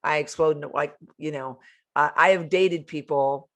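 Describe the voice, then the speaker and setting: A woman's voice: low-pitched, fairly even intonation, moderate pace, a bit bright. A woman giving motivational self-help advice in a frank, direct way. She talks straight to her listeners and drops casual profanity without hesitation. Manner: blunt, candid, profane, addresses listeners directly. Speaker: podcast host, self-help speaker.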